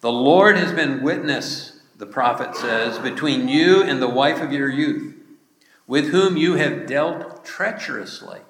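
Male pastor, sermon, unhurried and deliberate, long hall reverb. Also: medium pitch, lively intonation, fairly bright tone, slight background noise. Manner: slow, deliberate preaching with emphatic rises. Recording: echoey hall.

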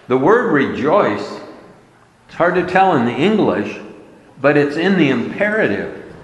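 A man's voice: fairly high pitch, very animated, slow, pauses often, echoey room, long reverb tail, rough recording. A man preaching a sermon, emphatic and repeating his key words for weight.

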